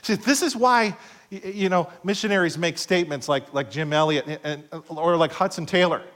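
A middle-aged pastor preaching a sermon, swinging between loud passages and hushed asides and acting out quoted voices. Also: male voice, a little high, normal speed. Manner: acts out quoted voices in short skits.

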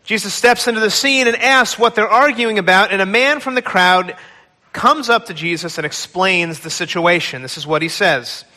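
A man preaching a sermon in a church, retelling a scripture story with dramatic, expressive delivery. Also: sits high, moderate pace, in a large hall. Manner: dramatic storytelling, acting out pleas. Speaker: pastor. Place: large church hall.

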